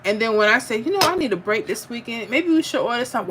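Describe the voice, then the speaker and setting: A woman's voice: on the high side, animated, quick pace, hardly any pauses, fairly bright tone, slightly rough. A middle-aged woman, chatting casually while she eats on a home livestream and reads out viewer comments, laughing and calling people "honey". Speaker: livestream host.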